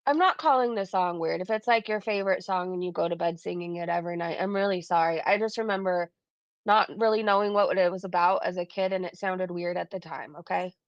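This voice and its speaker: A woman's voice: fairly low pitch, fairly quick, no echo, highs cut off. A woman co-hosting a livestream, chatting casually and rambling through stories with frequent laughs. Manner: rambling storytelling, laughs often. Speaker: livestream co-host.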